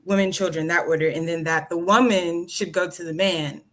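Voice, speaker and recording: A woman's voice: lowish voice, steady tone, normal speed. A woman on a discussion panel, thinking aloud and asking questions. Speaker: panel guest. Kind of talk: casual panel debate.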